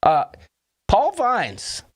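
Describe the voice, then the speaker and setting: A man's voice: high-pitched, huge pitch swings, drawn-out words. A man hosting a casual livestream chat, jokey and upbeat, reading out viewers' names and throwing in puns. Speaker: host.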